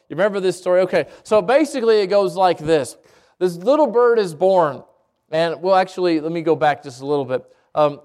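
A middle-aged pastor with a high-sitting male voice retells a children's story in a casual, chatty sermon, dropping asides to the congregation.

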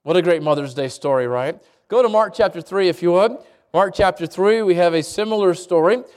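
A middle-aged pastor retelling a children's story in a casual, chatty sermon with asides to the congregation. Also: male voice, high voice, fairly quick, a little mellow.

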